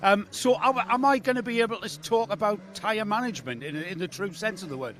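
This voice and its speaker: A man's voice: sits high, a little fast, fairly bright tone. A man presenting live from a race track, chatty and enthusiastic with rambling questions. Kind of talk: live pit-lane interview.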